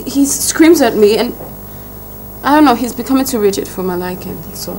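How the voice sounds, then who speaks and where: A woman's voice: a little high, expressive, normal speed, a little mellow, slight background noise, poor audio. An actress playing a spoiled young woman who complains indignantly about her neglectful fiance. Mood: aggrieved. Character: spoiled, wounded young woman, a rich man's daughter. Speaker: jilted fiancee.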